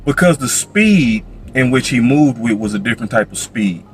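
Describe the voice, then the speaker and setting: A man's voice: medium pitch, expressive, normal speed, faint music behind. A man giving playful, slangy football commentary in a played video clip.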